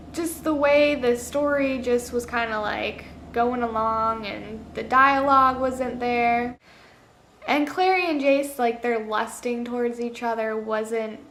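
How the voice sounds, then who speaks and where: A woman with a slightly high voice chats through a casual movie review vlog. She leans on "like" fillers and acts out her own reactions. Her voice rings around an echoey room. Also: fairly bright tone, a little hiss or hum.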